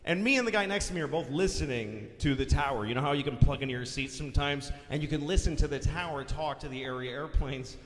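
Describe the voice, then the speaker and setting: A man doing stand-up comedy, telling a story with animated, profane delivery that breaks into shouts. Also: fairly high pitch, fast, hardly any pauses. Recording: long-reverb theater hall, faint noise.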